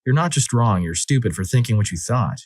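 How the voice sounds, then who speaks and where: A man reading listener stories aloud as the narrator of a compilation, in an expressive, dramatic style that acts out the quotes. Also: mid-range voice, fairly quick, no echo. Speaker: story narrator. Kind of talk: scripted narration of reader stories.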